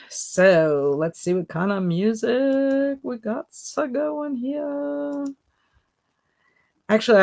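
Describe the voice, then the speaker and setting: A woman hosting a relaxed live stream, chatting in a rambling way and reading out viewer comments. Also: on the low side. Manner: rambling, chatty, lots of fillers. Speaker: livestream host reading chat comments. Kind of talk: casual chat. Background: soft background music.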